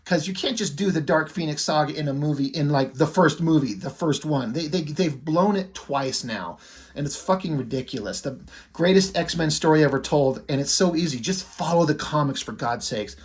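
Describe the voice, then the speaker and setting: Brief: man in his forties, comic reviewer, husky voice, slightly high, excitable and swearing. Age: 40s. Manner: enthusiastic, profane, retells plots in quotes. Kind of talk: casual review monologue.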